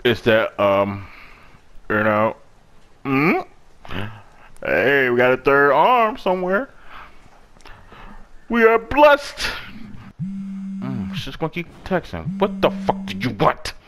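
Young male gamer, let's-play commentary, mid pitch, lively delivery, swears often. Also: slow, pauses often. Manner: profane, loud outbursts at the game. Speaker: gaming YouTuber.

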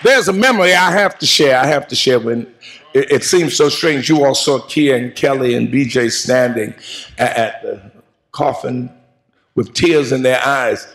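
A man preaching a funeral eulogy in a call-and-response style, moving into shouts and half-sung lines. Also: medium pitch, normal speed. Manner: preaching cadence, rising to shouts and sung phrases. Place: large church sanctuary.

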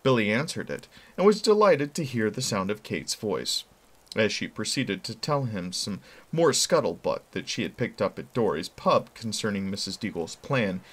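A man with a low voice reads a novel aloud, telling the story with expression. His pitch moves in a lively way through the narration. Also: normal speed. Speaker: reader.

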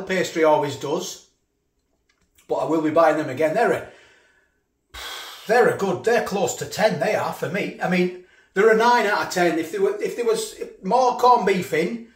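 A man chats about food as he eats, in a voice sitting a little above the usual for a man. He circles back and repeats his points in a relaxed vlog manner, with a roomy echo around him. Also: a little high. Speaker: food reviewer. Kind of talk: casual food review vlog.

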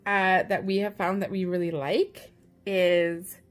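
A woman's voice: fairly low pitch, fairly even intonation, a little slow, soft background music. A woman hosting her own vlog, chatting casually and upbeat with a self-teasing streak as she walks through a how-to in her home kitchen. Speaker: parent and vlog host.

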